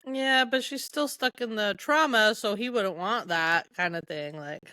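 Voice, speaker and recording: A woman's voice: mid-range voice, measured pace, bright, forceful tone. A woman and mother of two co-hosting a casual book podcast, wry and blunt. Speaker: podcast co-host. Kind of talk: casual book-club chat.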